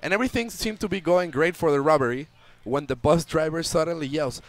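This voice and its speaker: A young man tells a long story with lots of life, slipping into the voices of the people in it. His voice sits a bit high for a man. He talks to his audience as a guest. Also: fairly quick, few pauses. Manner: lively, acts out voices in the story. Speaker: interview guest, tournament player. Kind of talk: animated storytelling.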